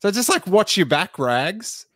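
A man hosting a podcast, reacting to TV footage with jokes and animated exclamations. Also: sits high, measured pace, no echo, studio quality. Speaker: podcast host. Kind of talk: casual chat.

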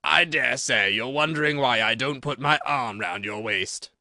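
A man's voice: mid-range voice, normal speed, sharp tone, dry recording, studio quality. A man voicing a fawning, moralizing duchess who lectures in a sing-song, agreeable manner, for a storybook reading. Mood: preachy.

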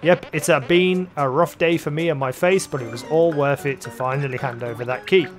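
A man doing a clumsy, cheerful video game plumber with a goofy mock Italian accent, whiny, hammy and pitched up high. Soft background music runs beneath the voice. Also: brisk, natural voice. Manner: hammy and whiny, higher than his own voice.

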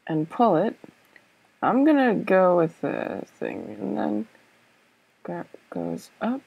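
Slow, gravelly-voiced woman thinking aloud. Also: medium pitch, huge pitch swings, phone-quality sound. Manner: hesitant, self-doubting, many fillers and repeated okays. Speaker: let's play gamer. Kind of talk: thinking-aloud gameplay commentary.

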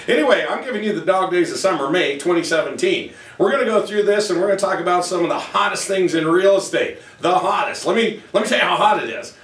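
A man's voice: sits high, expressive, quick pace, hardly any pauses, a bit bright, far from the mic. A man giving a jokey, folksy market update as a title company presenter. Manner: folksy, punning, playful. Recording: echoey room, away from mic.

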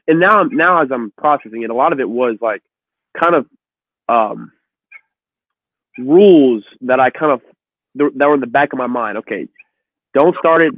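A man hosting a casual conversation, telling animated stories and acting out the voices of the people in them. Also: mid-range voice, no room sound. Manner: animated storyteller, acts out voices in quotes. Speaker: host. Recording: dry, phone-like audio.

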